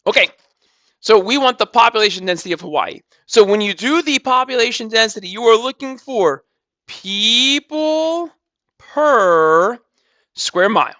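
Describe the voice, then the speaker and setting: A man teaches math in a casual, step-by-step manner, repeating figures as he works through them. His voice sits high and bright. The recording is dry and a little dull. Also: a little fast, dry recording. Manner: talks through calculations step by step, casual, repeats numbers, says "blah, blah". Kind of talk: recorded math lesson walkthrough.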